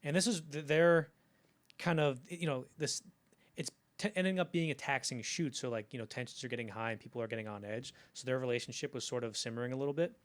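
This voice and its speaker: A man co-hosting a film podcast tells anecdotes in a loose, chatty way. He jumps into the quoted voices as he tells them, and his pitch sits in an ordinary middle range. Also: fast talker. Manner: animated storytelling, acts out quoted lines. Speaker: podcast co-host. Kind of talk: casual film history chat.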